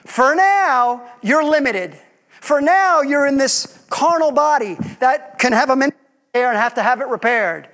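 High-voiced man preaching a sermon. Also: lively intonation, unhurried, fairly bright tone. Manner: preaching with rhetorical questions to the congregation. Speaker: pastor.

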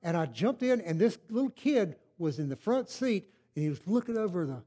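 An older man telling his testimony in a sermon, moving from hushed storytelling to loud, fervent praise. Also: high-pitched, sing-song, fairly quick. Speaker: preacher.

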